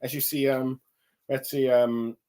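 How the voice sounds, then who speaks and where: A man's voice: medium pitch, flat delivery, measured pace, dark tone, clean tone. Rambling man recapping with many ums. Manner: rambling, lots of ums and self-corrections. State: a little tired. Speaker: chapter reviewer. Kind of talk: casual recap and review.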